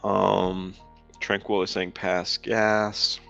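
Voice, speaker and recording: A man's voice: fairly low pitch, level tone, very slow, vocal fry, bright, forceful tone. A man hosting a casual live stream, rambling with lots of ums while reading viewers' comments aloud. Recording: dull lo-fi sound with faint music.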